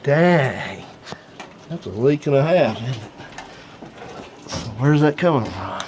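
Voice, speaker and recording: A man's voice: mid-range voice, animated, normal speed, dark tone, a little hiss or hum. A man, talking folksy and explaining a car repair while filming it on a handheld phone outdoors. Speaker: mechanic, channel host. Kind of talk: hands-on repair demonstration. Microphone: handheld phone camera.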